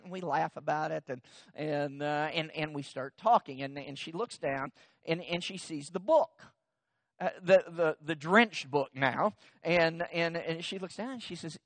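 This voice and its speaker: A man's voice: high voice, moderate pace, a bit bright, no room sound. A middle-aged man, a pastor, telling a personal story in a sermon in a conversational, self-deprecating way, with frequent restarts.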